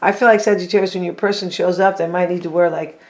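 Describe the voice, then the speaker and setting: A casual tarot reader talks straight to the viewers, musing over each card as it turns up. The voice sits at an ordinary middle pitch, loose and chatty, often circling back with "I feel like". Now and then it slips in teasing little jokes for the audience. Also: steady tone, quick pace. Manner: chatty, thinking aloud, repeats and hedges with "I feel like"; playful, teasing asides to the audience.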